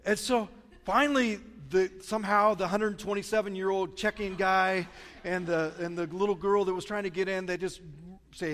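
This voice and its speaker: A man's voice: high-pitched, fairly even intonation, moderate pace, a bit bright. A middle-aged man preaching a sermon, telling stories in a chatty, self-mocking way. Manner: storytelling, chatty, self-deprecating humor. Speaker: pastor. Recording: long reverb of a large church hall.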